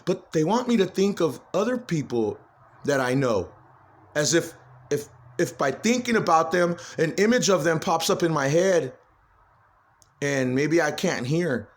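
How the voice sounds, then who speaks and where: Guy rambling into his phone cam, worked up, cussing, voice high and jumping all over. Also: expressive, measured pace. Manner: agitated, swears freely, repeats himself. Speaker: vlogger. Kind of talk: rambling personal monologue.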